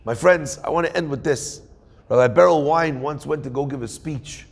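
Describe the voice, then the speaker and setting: Rabbi guy telling a story at a sermon, kinda gravelly, does the voices, big echoey hall. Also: a little high, moderate pace. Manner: animated storyteller, acts out quoted voices. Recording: long hall reverb.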